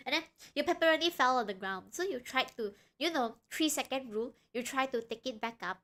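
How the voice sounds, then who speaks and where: A young woman streaming live, chatting in an excitable, rambling way with frequent giggles. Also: on the high side, fairly quick, hardly any pauses. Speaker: streamer reacting to a video. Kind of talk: casual live-stream chat.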